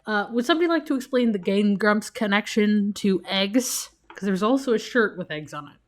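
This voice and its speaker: A woman streaming a video game, chatty, excitable and self-deprecating as she comments. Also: medium pitch, normal speed. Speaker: let's play streamer.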